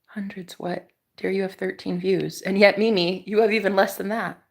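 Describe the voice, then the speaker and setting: A woman's voice: mid-range voice, steady tone, normal speed, creaky. A young woman livestreaming, ranting sarcastically at viewers in chat, swearing and laughing as she talks. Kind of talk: casual livestream rant to chat.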